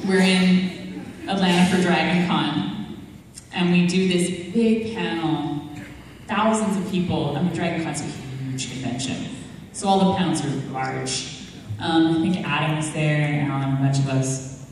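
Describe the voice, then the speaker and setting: A woman at a convention panel, telling lively anecdotes and acting out the voices of the people in them. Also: deep voice, unhurried, a little hiss or hum. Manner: animated storyteller, acting out quoted voices. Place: large convention hall. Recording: echoey hall recorded from far off.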